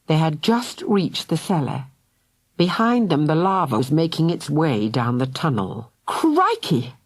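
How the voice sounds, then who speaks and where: Lively woman reading a children's story. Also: low-pitched, a little slow, no room sound, studio quality. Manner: lively, voices each character. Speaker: audiobook narrator. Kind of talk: children's audiobook narration.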